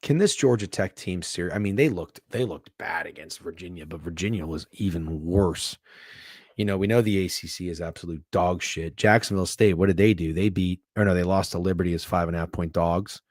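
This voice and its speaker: A man hosting a sports betting show, talking casually, swearing freely and swinging from hushed asides to loud bursts. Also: low-pitched, a little fast, no echo, studio quality. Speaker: sports betting podcast host.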